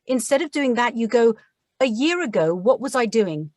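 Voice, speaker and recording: A woman's voice: fairly high pitch, very animated, normal speed, a little mellow, no echo, clean studio sound. A British woman, an audiobook narrator, chatting on a podcast in a reflective, encouraging way. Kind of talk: casual chat.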